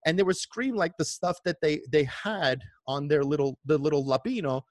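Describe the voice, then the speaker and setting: Middle-aged male storyteller, rambling and lively, slightly high voice. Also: normal speed, dry recording, clean studio sound. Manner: rambling, many restarts and fillers, animated. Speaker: vlogger. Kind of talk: casual nostalgic storytelling.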